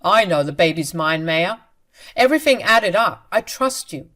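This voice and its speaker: A woman's voice: lowish voice, expressive, normal speed, a bit bright. A woman voicing an angry, controlling husband who speaks in a harsh, commanding way in a storytelling reading.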